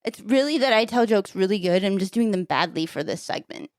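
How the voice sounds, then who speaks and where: A woman co-hosting a comedy podcast who tells crude jokes with deadpan delivery and playful banter. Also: medium pitch, brisk, no echo, studio quality. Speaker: podcast co-host telling jokes.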